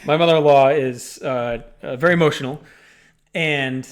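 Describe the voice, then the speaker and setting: A medium-pitched male co-host tells a story at normal speed in relaxed podcast chat. He's animated, swears freely, and uses lots of fillers.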